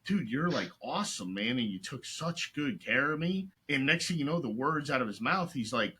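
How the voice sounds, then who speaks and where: A man's voice: mid-range voice, moderate pace, hardly any pauses, slightly rough. A middle-aged man, an entrepreneur guest, telling stories in casual chat and acting out other people's voices, with "right?" and "like" throughout. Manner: animated, acts out customers' voices; peppers talk with "right?" and "like".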